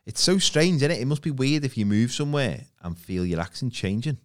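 A man's voice: mid-range voice, very animated, a little fast. A man with a light Liverpool accent chatting casually on a podcast, jokey and sarcastic, swearing freely. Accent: Liverpool (Scouse). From Liverpool, England. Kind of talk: casual chat.

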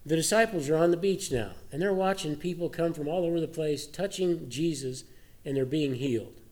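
Earnest male preacher, mid-pitched voice. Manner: earnest preaching, rising for emphasis, dropping soft for reflection. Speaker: pastor. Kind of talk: sermon.

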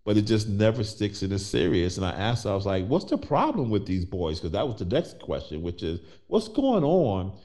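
A middle-aged man telling a personal story in conversation, animated and acting out the voices of people he quotes. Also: fairly low pitch, normal speed, hardly any pauses.

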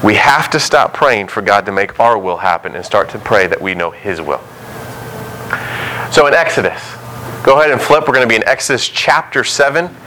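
A man's voice: fairly low pitch, animated, moderate pace, bright, forceful tone, slight background noise, poor audio. A man preaching a sermon in a conversational way, now and then acting out the voices of biblical figures. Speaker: pastor.

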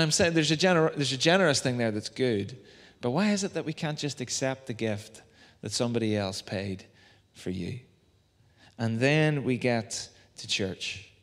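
A young adult man with a Northern Irish accent preaching a sermon in a chatty, self-deprecating way, full of tag questions. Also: on the low side. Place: church hall. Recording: long reverb of a church hall.

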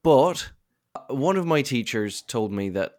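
Animated, excitable man stumbling over words. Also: mid-range voice, a little slow. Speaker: podcast co-host. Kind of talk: casual group chat.

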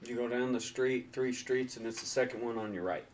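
A man's voice: mid-range voice, fairly even intonation, a little fast, recorded from a distance, slight background noise. A man playing in a tabletop game, joking and teasing the game master. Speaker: player. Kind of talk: casual tabletop play.

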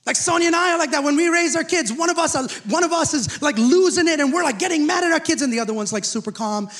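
A man preaching a sermon as pastor, animated and rising to shouts, often asking the congregation questions. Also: extremely high pitch, quick pace.

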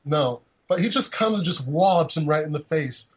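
A man's voice: fairly high pitch, animated, normal speed, husky, poor audio. A man hosting a podcast in casual chat, rambling and jokey with lots of fillers. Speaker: podcast host.

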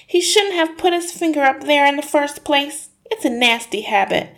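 A woman voicing a sharp-tongued mother who scolds and lectures. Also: sits high, animated, normal speed, pitched above the performer's own voice. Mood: scolding. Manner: bossy and scolding.

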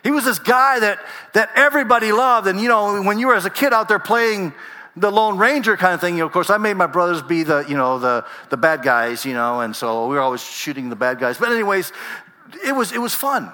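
A middle-aged male pastor from Panama, a native Spanish speaker, preaching with a bright, forward voice sitting a little high for a man. He talks in a loose storytelling way, doubling back and restarting phrases as he goes. The sound carries a long reverb from a church sanctuary. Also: animated, a little fast. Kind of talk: sermon.

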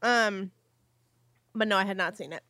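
Bright-voiced woman in dry, close chat. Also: mid-range voice, moderate pace, dry recording. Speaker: podcast co-host. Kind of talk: casual chat.

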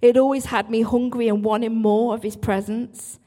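A woman's voice: a little high, level tone, moderate pace, warm tone. A woman worship leader, giving an earnest church talk with frequent asides and restarts. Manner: earnest, self-interrupting, apologetic asides.

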